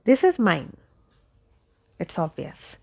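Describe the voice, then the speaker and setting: A woman gives a pronunciation lesson at an unhurried pace. She repeats each word over and over, and her voice has a gravelly edge. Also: lowish voice, wildly swooping pitch, warm tone. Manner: slow, repeats each word several times. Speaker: English pronunciation teacher.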